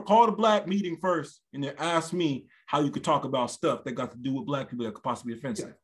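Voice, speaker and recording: A man co-hosting a podcast in casual chat, animated and given to acting out other people in a high voice. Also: fast, few pauses. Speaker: podcast co-host; stand-up comedian.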